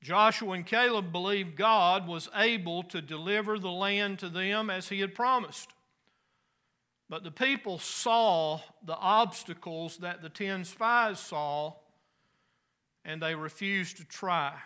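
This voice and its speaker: A pastor preaching a sermon in a folksy, conversational way with homespun asides. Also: male voice, sits high, slow, sharp tone.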